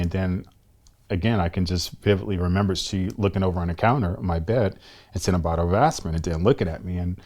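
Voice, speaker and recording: A middle-aged man from the United States, a guest telling a personal story in a halting, reflective way. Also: sits low. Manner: halting, reflective, slows down often.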